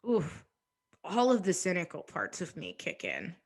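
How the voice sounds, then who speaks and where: A woman in her twenties, an interview guest, talking reflectively and hesitantly with many pauses and restarts. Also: fairly low pitch, wildly swooping pitch. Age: 20s. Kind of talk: reflective casual conversation.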